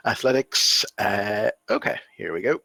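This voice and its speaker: A man with a husky voice playing a tabletop game, animated and quick to giggle. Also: fairly low pitch. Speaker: player. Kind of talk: casual tabletop game talk.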